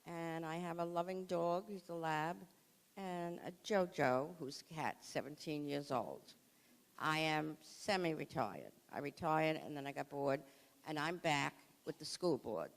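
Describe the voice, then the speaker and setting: Older new york lady, gravelly, slow, introducing herself, echoey hall. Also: low-pitched. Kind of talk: self-introduction.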